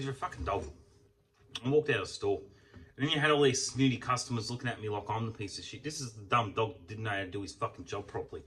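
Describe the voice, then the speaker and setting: A man's voice: medium pitch, bright, forceful tone, recorded from a distance, slight background noise. A young Australian man ranting in a casual vlog, heated and swearing a lot. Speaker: vlogger. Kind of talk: casual venting rant.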